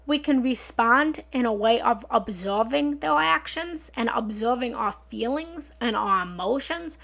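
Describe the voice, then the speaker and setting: A woman with a fairly high, bright voice and a touch of gravel hosts a live meditation talk from her home setup. She chats earnestly with her viewers, repeats her points and thanks them often, and she speaks into a studio mic. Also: lively intonation, unhurried, hardly any pauses. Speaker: meditation teacher hosting a live session. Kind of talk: casual live-stream talk, reading and answering comments. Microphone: studio mic through a small soundboard.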